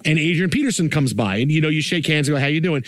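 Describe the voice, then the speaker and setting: A man hosting a sports show, breaking down plays and telling stories in an animated, conversational way. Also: on the high side, quick pace, no room sound. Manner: animated, conversational, filler-heavy. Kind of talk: casual game breakdown and storytelling.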